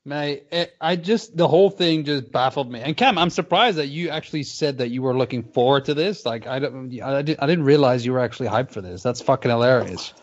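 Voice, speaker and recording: A man's voice: medium pitch, fairly quick, hardly any pauses. Laughing, swearing man, lo-fi. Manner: swears a lot, laughs often, rambling. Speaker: podcast co-host. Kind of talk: casual chat.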